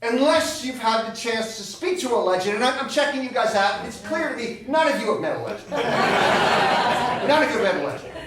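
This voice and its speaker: With a crowd audible behind him, a man performs stand-up storytelling solo in a small theater, his voice extremely high and his intonation lively at a moderate pace. He wanders off on tangents, pokes fun at himself, and slips in dry jokes. Captured from a distance, the sound is noisy and full of theater echo.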